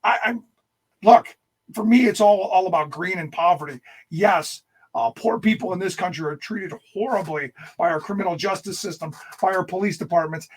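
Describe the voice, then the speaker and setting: A man talking politics as a guest, blunt and emphatic, sometimes pushing almost to a shout. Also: high voice, breathy edge. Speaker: guest, political radio host. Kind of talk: political discussion.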